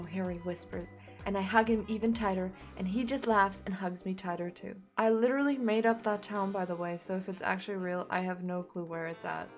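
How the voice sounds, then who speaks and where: A young woman reading fanfiction aloud as a content creator, breaking in with animated, sarcastic jokes and giggles. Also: medium pitch, a little fast, few pauses, faint music behind.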